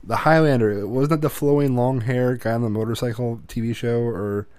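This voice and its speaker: A man's voice: mid-range voice, fairly even intonation, normal speed, a little mellow, clean tone, dry recording, studio quality. Rambling, profane male podcast co-host. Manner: rambling, profane, self-interrupting. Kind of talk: casual chat.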